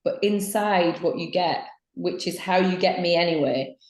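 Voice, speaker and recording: A woman's voice: lowish voice, moderate pace, a little mellow. Cheeky Irish woman in an echoey room. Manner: frank and cheeky, swears freely. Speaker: guest author. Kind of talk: casual podcast chat.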